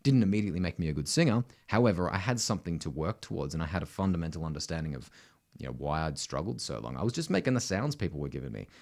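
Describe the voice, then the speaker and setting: Aussie male vocal coach, casual teaching style, animated delivery, keeps checking in with the listener. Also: low-pitched, rapid-fire, gravelly. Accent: Australian. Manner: conversational, constant "right?" tags, sings demonstrations. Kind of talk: casual instructional talk.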